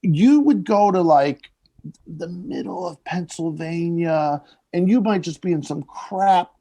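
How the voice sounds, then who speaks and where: A man, a comedian, telling stories in casual podcast chat and loudly acting out what people said. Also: sits high, slow. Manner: animated storytelling, acts out quotes loudly.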